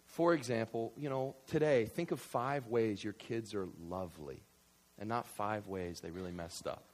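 A man's voice: lowish voice, moderate pace. A man preaching a sermon, acting out everyday small talk and repeating "right?" as he goes. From New York. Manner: animated, acts out everyday banter, rising to shouts. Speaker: pastor.

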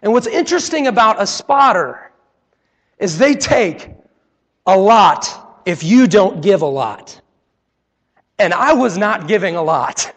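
A young man preaching a sermon, telling a personal story with animated, acted-out scenes. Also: very high-pitched, big-room sound.

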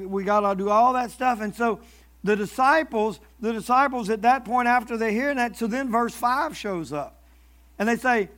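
A man's voice: high-pitched, a bit bright. A man preaching a sermon in a conversational way, often restarting his words and acting out what people say. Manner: conversational preaching with many repeated starts and acted-out quotes. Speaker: pastor.

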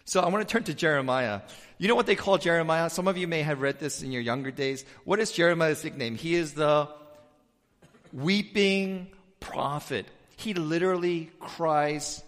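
A man's voice: a little high, fairly quick. Man preaching in a reverberant hall. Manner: conversational preaching, rising to emphatic peaks then dropping soft. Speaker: pastor. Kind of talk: sermon.

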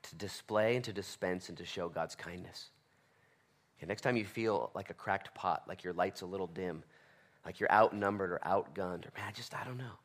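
A man's voice: deep voice, fairly even intonation, normal speed. A man in his thirties preaching a sermon, conversational and self-deprecating, driving points home by repeating them. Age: 30s. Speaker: pastor.

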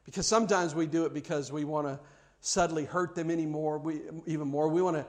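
A man's voice: a little high, fairly even intonation, brisk. A male pastor preaching a sermon, telling a story and acting out quoted voices with frequent repeated words.

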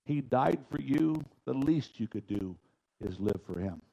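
A man preaching a sermon as pastor in a church, folksy and emphatic, swinging between loud, driving lines and hushed ones. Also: mid-range voice, expressive, a little slow, vocal fry, highs cut off. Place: church sanctuary.

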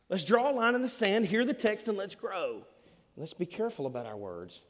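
Brief: male pastor, slightly high voice, self-mocking, live sermon with long hall reverb. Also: normal speed. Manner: self-deprecating and animated, quoting himself. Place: church sanctuary.

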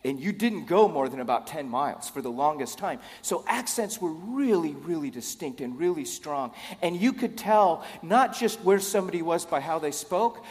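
A man's voice: a little high, in a large hall. A middle-aged man preaching a sermon as pastor, conversational and repeating words as he starts phrases. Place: church.

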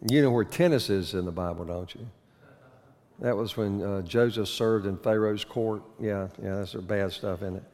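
A man with a lowish voice teaching a Bible class in a loose, conversational way. He quizzes his listeners and tosses in groan-worthy puns. His voice rings with the long reverb of a hall. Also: normal speed, darkish tone. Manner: conversational, asks the audience questions, cracks corny puns.

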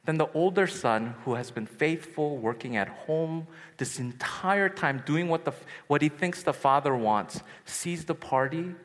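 A man preaching at a youth retreat, telling stories in an animated way and acting out voices. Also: on the high side, a little slow, hardly any pauses. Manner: animated storytelling, acts out voices. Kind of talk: sermon. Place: large hall at a retreat. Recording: echoey hall.

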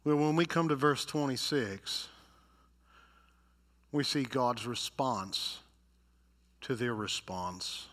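A male pastor delivers a sermon in a bright, mid-range voice, speaking slowly and pausing often. He dramatically acts out the voices of complainers and reads scripture with mounting intensity.

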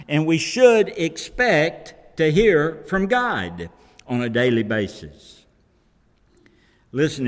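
Male pastor, sermon delivery, slow emphatic pacing, expressive pitch, recorded with long hall reverb. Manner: slow, emphatic preaching with scripture quotes. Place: church sanctuary.

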